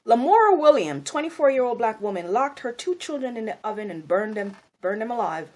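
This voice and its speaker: A woman's voice: on the high side, very animated, fairly quick, darkish tone. A woman speaking in a blunt, scolding monologue, angry and firing off rhetorical questions. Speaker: video commentator.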